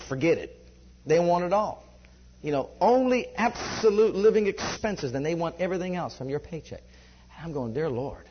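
Man preacher, higher husky voice, animated testimony, dull lo-fi tape. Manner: animated, conversational, laughs often. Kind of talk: sermon storytelling. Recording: dull lo-fi recording.

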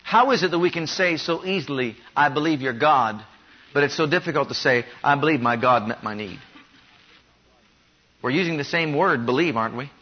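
A man's voice: fairly high pitch, moderate pace, breathy edge. A man preaching a sermon, pressing his congregation with emphatic, repeated rhetorical questions. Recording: dull lo-fi sermon recording.

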